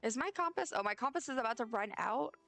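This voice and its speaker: Chatty woman streamer with a gravelly edge. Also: fairly high pitch, expressive, quick pace, fairly bright tone, no room sound, soft background music. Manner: rambling, chatty, talks straight to her chat. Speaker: game streamer. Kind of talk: casual live-stream chat while playing.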